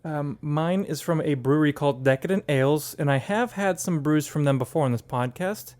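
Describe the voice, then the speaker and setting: A man co-hosting a casual podcast, chatty and quick to laugh at his own jokes. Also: a little high, a little mellow. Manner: chatty, laughs often, self-deprecating jokes. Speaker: podcast co-host. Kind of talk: casual chat.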